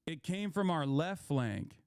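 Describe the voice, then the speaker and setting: A man's voice: a little high, big pitch swings, a little slow, a little mellow, dry recording, studio quality. A young man, a political commentator, ranting in a heated, profane, rambling way on a stream.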